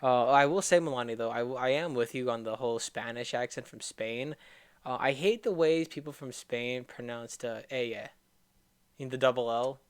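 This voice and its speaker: A man's voice: medium pitch, normal speed, clean tone. A man hosting a casual streamed group chat, rambling with many fillers. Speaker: podcast host.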